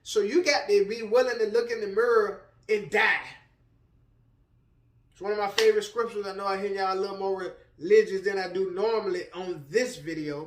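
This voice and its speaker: This is a man with a high, slightly bright voice, a Richmond, Virginia minister who also writes and speaks, offering a laid-back motivational testimony. He talks slangily and conversationally with plenty of "you know what I'm saying," and the recording is roomy and echoing from a somewhat distant mic.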